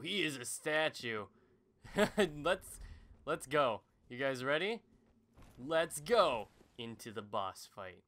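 A young man commenting on a boss fight as he plays, swinging from muttering to loud yelps and exclamations. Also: mid-range voice, very animated, slow pace. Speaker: gaming channel host. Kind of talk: excited let's-play commentary. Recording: game music underneath.

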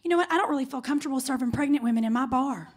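A raspy-voiced woman from Kentucky with a Southern accent, telling sassy stand-up stories on a comedy club stage. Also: high voice, racing, very noisy. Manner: sassy, drawling Southern storytelling. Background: audience laughter.

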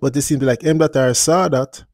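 Male host, relaxed rambling commentary, mid pitch, dry close sound. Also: moderate pace, no echo. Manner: laid-back, drifting, repeats "you see me". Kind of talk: casual commentary vlog.

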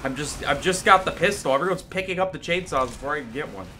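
A young man giving live gameplay commentary, excitable and profane, with sudden bursts of yelling. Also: fairly high pitch, fast talker, slight background noise. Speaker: gaming commentator.

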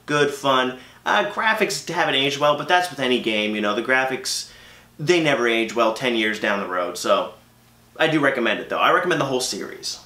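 A man talks casually through his game collection, chatty and opinionated with plenty of ums and uhs. His voice is bright and forward at an ordinary pitch. The recording carries a noticeable room echo. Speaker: gaming channel host. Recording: echoey room.

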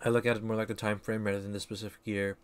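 A man's voice: lowish voice, level tone, rapid-fire, smooth. Rambling self-deprecating male streamer. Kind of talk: casual gameplay commentary.

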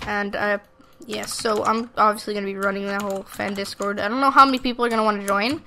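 Bright, excitable young-sounding woman gaming. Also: a little high, a little hiss or hum. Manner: rambling, excitable, talks to the audience and at opponents. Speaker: gaming YouTuber. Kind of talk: live gameplay commentary.

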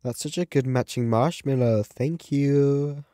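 An excitable man chats through a gameplay session, with plenty of gasps and yelps. He talks at an unhurried pace, and his voice sounds close and dry with no room echo. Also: mid-range voice. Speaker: gaming YouTuber. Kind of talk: casual gameplay commentary.

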